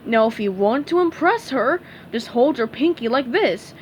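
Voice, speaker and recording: A dim, friendly male starfish, as a woman reading a storybook puts him on, talking slowly and emphatically. He is a bit raised in pitch, with faint noise behind. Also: animated, close to an everyday voice. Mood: dopey. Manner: slow, dopey, emphatic.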